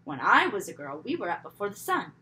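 A woman's voice: medium pitch, big pitch swings, fairly quick, slight background noise. A woman doing a stern, nagging mother. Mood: scolding. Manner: sharp, nagging, loud. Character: stern scolding mother, grumbling, strict.

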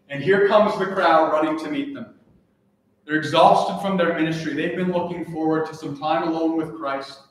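A man preaching an earnest, emphatic sermon as pastor, repeating his key phrases. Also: a little high. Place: church sanctuary. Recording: echoey church from a distant mic.

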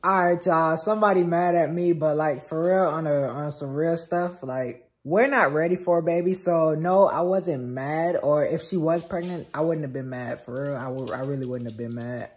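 A man's voice: on the high side, normal speed, few pauses. A young man vlogging with his partner on a phone camera at home, laid-back and teasing, talking straight to viewers. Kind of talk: casual couple vlog.

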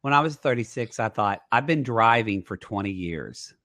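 A man's voice: on the low side, lively intonation, normal speed, bright, forceful tone, no room sound, clean studio sound. A man in his thirties hosting a podcast, chatting casually and telling rambling stories full of fillers. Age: 30s. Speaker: podcast host. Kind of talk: casual chat.

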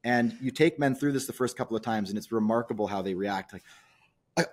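A man's voice: fairly low pitch, quick pace. A man coaching men in a podcast discussion, earnest and persuasive, asking many rhetorical questions. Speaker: men's coach.

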